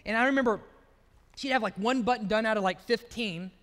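A man preaches in a relaxed, storytelling way, his voice pitched very high and bright. The sound carries the long reverb of a church hall. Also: brisk. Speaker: pastor. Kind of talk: sermon.

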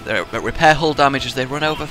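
A man giving live gameplay commentary with excitable, swearing trash talk. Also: medium pitch, fast, over music. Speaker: gaming video host.

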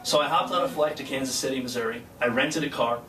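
A man of middle pitch speaks from a stage at a graduation ceremony, telling a personal story in an earnest, chatty way. He is picked up from far away. The hall echoes, and a steady ambient noise sits under his voice. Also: fast. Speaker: guest speaker, flight crew member. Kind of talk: personal speech with anecdote. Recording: distant mic in echoey hall, noisy.

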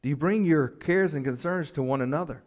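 A man preaching a church sermon with rising passion, asking the congregation direct questions and then dropping to a soft, slow voice. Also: on the high side. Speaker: pastor.

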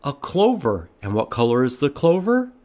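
At a library storytime, a man reads a picture book aloud to children at a moderate pace in a medium-pitched voice. He's animated, asking the kids questions as he goes and making animal sounds.

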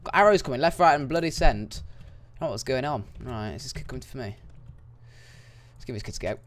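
A young man giving casual, excitable gameplay commentary that swings into loud, frustrated yelps. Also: mid-range voice, fast. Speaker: gaming YouTuber.

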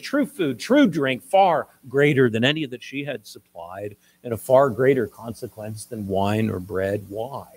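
A pastor preaches a sermon, explaining a passage in a measured, teaching manner and occasionally restarting his sentences. His voice is husky and on the high side, and the recording quality is low.

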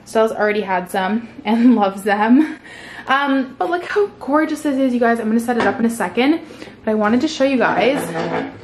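A woman's voice: a little high, expressive, normal speed, a little hiss or hum. A young woman in her twenties talking casually to the camera at home as a vlogger, upbeat and chatty with lots of "like". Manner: chatty, upbeat, filler-heavy. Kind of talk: casual vlog chat.

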